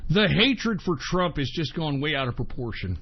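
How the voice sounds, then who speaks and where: Profane high-voiced radio host, lo-fi. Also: male voice, big pitch swings, moderate pace, husky. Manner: profane, combative, swings between shouting and grumbling. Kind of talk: ranting talk radio monologue. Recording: dull lo-fi sound.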